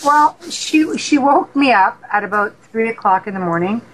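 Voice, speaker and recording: A woman from Canada, a paranormal investigator, telling stories as a radio guest in an animated way and acting out dialogue. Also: on the high side, moderate pace, low-quality recording. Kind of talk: casual storytelling interview.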